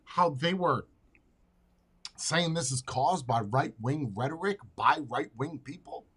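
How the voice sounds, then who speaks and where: A man hosting a podcast in casual chat, talking bluntly and excitably with plenty of swearing. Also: fairly high pitch, slow pace, husky. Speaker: podcast host.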